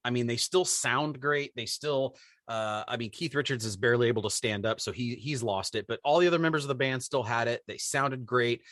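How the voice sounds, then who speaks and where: A man in his forties telling a story on a podcast in casual chat, animated and acting out the voices of people in it. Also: mid-range voice, no echo, clean studio sound. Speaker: podcast co-host.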